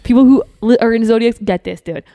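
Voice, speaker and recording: Profane, animated young woman telling stories. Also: fairly high pitch, no room sound. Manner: profane, animated, rapid storytelling with quoted asides. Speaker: podcast guest. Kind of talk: casual storytelling.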